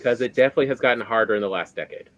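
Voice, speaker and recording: Male podcast host, mid-pitched, chatty and meandering, leans on fillers. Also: racing, fairly bright tone, lo-fi sound. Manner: rambling, many fillers. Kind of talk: casual chat.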